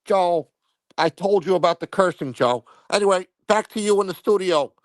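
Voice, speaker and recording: Casting: a man putting on a fussy male field reporter, pitched well above his own voice, slow and deliberate on-air delivery, dry close sound. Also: dry recording, close to an everyday voice. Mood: newsy, prim. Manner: slow, overly formal news delivery, scolding.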